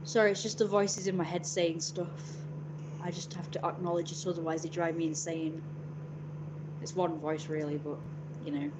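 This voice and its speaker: A woman's voice: on the low side, little pitch movement, normal speed, noisy background. A woman chatting on a casual livestream, joking in a playful royal persona, rambling, answering chat aloud and swearing freely.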